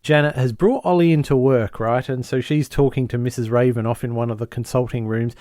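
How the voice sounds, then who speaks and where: A mid-pitched man co-hosting a podcast walks through a sitcom plot in a casual, storytelling way. He is animated and slips into character voices as he goes. The sound is close and dry. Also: a little fast, dry recording. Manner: animated storyteller who acts out quotes. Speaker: podcast co-host. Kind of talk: casual episode recap.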